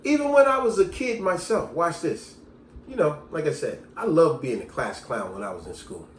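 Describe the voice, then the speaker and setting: Casting: male vlogger, lively storyteller with a bouncy, expressive pitch, recorded in a roomy space. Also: moderate pace, a little hiss or hum. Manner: animated storyteller, lively delivery. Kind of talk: casual storytelling monologue. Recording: echoey room.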